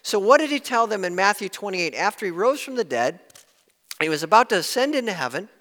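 Man, pastor, earnest sermon, somewhat high voice, loud peaks and hushed quotes, long hall reverb. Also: sing-song, brisk.

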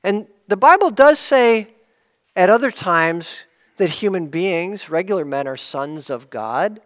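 A man with a high voice preaches a sermon, explaining each point in earnest, pushing up for emphasis and sinking low as he closes it. His voice rings with a long reverb, as in a large hall. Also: animated, unhurried, a bit bright.

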